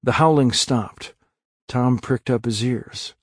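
A man reading a story aloud as narrator, slow and measured. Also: mid-range voice, slightly rough, dry recording, studio quality. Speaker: audiobook narrator. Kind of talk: scripted narration.

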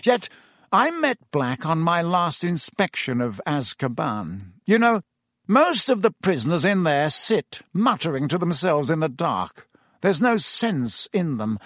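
A man's voice: a little high, very animated, slow, fairly bright tone, no echo, clean studio sound, voice pushed up, exaggerated voice. A man voicing a pompous, bustling middle-aged male minister who talks in a fussy, self-important way. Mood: earnest.

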